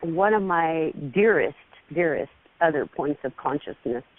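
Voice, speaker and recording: A woman's voice: sits low, expressive. A woman caller rambling about her spiritual journey in a meandering, giggly way. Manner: giggly, meandering, drawn-out phrasing. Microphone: phone. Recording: tinny phone line.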